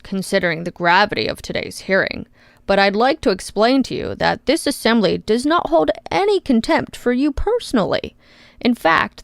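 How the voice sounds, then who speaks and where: A woman's voice: medium pitch, clean tone, no room sound, clean studio sound, natural voice. A woman voicing an aging male congressman who sounds bored, mocking and falsely friendly in an audiobook. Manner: faux-friendly, patronizing. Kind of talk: audiobook character voice.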